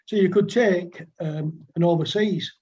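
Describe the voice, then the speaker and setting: Husky-voiced Lancashire man in his sixties. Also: sits high, a little slow, a little mellow, muffled recording. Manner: rambling and chatty, with dialect words and many fillers. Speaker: podcast guest, former cricketer. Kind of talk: anecdotal storytelling.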